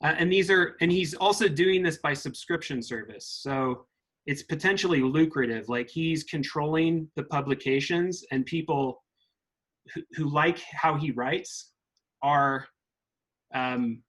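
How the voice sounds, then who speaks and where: A man giving an informal talk at a meditation center, halting and thinking aloud with frequent restarts. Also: fairly high pitch, fairly bright tone, rough recording.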